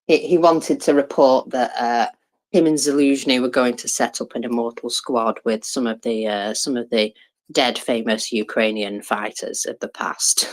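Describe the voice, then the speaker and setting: A woman co-hosting an online audio chat about war news, halting with fillers and restarts, with dry sarcasm. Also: a bass voice, steady tone. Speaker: co-host commenting on war news. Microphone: Twitter Space audio.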